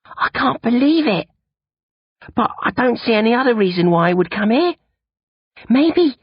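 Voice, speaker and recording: Brief: man performing a feeble, shaky teenage boy, hoarse whispery voice, high and distant, storybook audiobook. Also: very animated, normal speed, no echo, heavily acted. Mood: uneasy. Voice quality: hoarse, breathy. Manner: weak, wavering, half-whispered. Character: sick, trembling teenage boy, hoarse and frightened. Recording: dull lo-fi recording.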